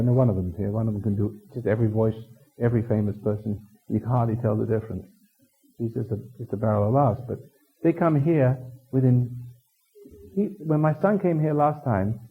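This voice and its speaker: A man from England, speaking at a middle pitch with a husky edge, lectures a live seminar in a hotel function room. He rambles, teases the listeners and restarts his sentences, chuckling along the way. The tape recording sounds dull and lo-fi.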